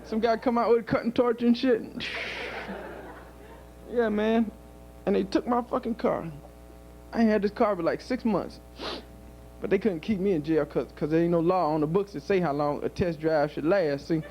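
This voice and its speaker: A man's voice: high-pitched, normal speed, long pauses, highs cut off, a little hiss or hum. A male stand-up comedian doing a loose, profane club set and laughing at his own jokes.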